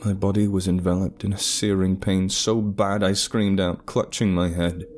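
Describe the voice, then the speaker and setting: A man reading a scripted horror story in a grave, steady manner. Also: sits low, moderate pace, slight background noise.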